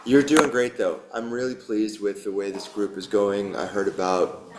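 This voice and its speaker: The man's lowish voice has fairly even intonation and a normal speed, heard over background noise in an echoey room. He's leading a yoga teacher training group in a warm studio, being chatty and joking as he encourages his students in casual class talk.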